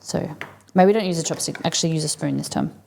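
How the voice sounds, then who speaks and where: A woman's voice: deep voice, quick pace, vocal fry, a little mellow, slight background noise. A woman hosting a live cooking stream, chatting casually and thinking aloud as she works in a home kitchen.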